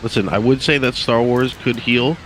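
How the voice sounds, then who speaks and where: Male friend on stream, jokey casual banter, middle pitch. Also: moderate pace, loud music behind the voice, low-quality recording. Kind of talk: casual chat.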